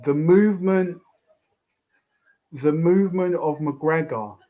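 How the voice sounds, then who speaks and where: A young man hosts a fight reaction with a fairly high voice. He rants and swears, circling back over the same words again and again. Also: slow, warm tone, dull audio. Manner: swears a lot, repeats himself, rants. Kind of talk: excited fight reaction commentary.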